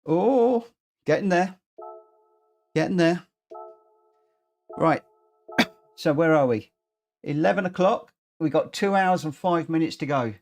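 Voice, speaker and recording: A man's voice: on the high side, slow, gravelly, pauses often, a little mellow, soft background music. A man live-streaming a racing game, chatting casually and poking fun at his own mistakes. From United Kingdom. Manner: self-deprecating, chatty, talks to himself while racing. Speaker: gaming streamer. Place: home gaming setup, indoors.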